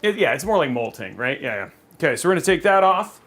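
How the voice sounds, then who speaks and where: Fast-talking and sing-song, this man's voice sits on the high side with a fairly bright tone. He's building a PC live on a studio stream, chatty and upbeat, rambling and full of filler words.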